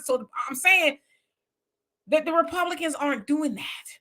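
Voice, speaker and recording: A middle-aged woman with a Southern US accent from Houston, hosting a casual political commentary and telling stories in an animated, colloquial, heated way. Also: sits high, a little fast. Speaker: host.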